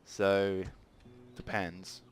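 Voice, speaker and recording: A man's voice: low-pitched, level tone, extremely slow, clear, resonant tone, soft background music. A man giving rambling let's play commentary at a desk mic, thinking aloud as he plays. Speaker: gaming channel host.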